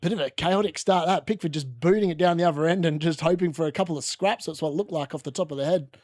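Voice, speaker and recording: A man's voice: on the high side, quick pace, a little mellow, no echo, studio quality. A young man hosting a casual live football watchalong from a room at home, chatting and rambling as he reacts to the match. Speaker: watchalong host.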